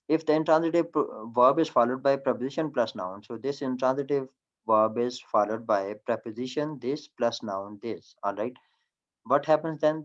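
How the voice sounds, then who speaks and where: A man's voice: mid-range voice, highs cut off. A man teaching a recorded grammar lecture over slides, explaining step by step and often repeating and correcting himself.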